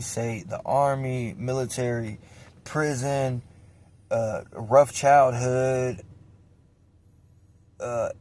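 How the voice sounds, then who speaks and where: A man with a medium-pitched, slightly mellow voice tells his own story in a raw, confessional way. Emotional and rambling, he curses heavily and keeps repeating himself.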